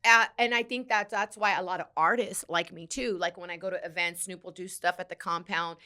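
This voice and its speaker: A woman's voice: on the low side, steady tone, a little fast, pushed and bright, smooth. A woman radio personality as a guest on an interview podcast, speaking candidly and emphatically. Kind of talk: casual interview chat.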